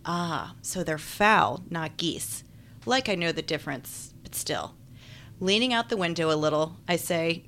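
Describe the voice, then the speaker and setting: A woman's voice: fairly low pitch, normal speed, a bit bright, a little hiss or hum. A woman giving wry, chatty first-person audiobook narration. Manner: wry, chatty, self-deprecating.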